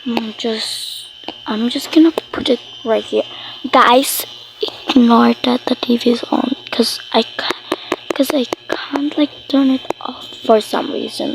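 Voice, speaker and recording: A woman's voice: fairly high pitch, wildly swooping pitch, slow pace, gravelly, noisy background. A woman narrating a toy role-play game in a chatty way, talking to viewers with many fillers.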